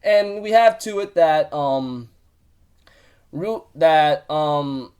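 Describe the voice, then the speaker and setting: Male host, higher-pitched voice, casual rambling recap with excitable bursts. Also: drawn-out words, smooth. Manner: rambling, many fillers and restarts.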